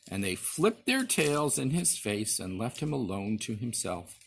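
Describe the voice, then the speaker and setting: A man, a father, reading a storybook aloud to his child, expressive, with small slips and restarts. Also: mid-range voice, unhurried, gravelly, hardly any pauses, slight background noise.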